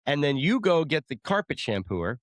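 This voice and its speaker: A man's voice: fairly high pitch, normal speed, no echo. Dry-sounding man telling a story. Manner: storytelling, teasing, animated retelling. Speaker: podcast co-host. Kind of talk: casual chat.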